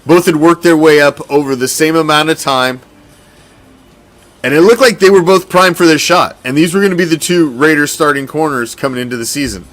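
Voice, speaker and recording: A man hosting a casual sports commentary show, talking in an animated, profane, rambling way. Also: a little high, a little fast. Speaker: host.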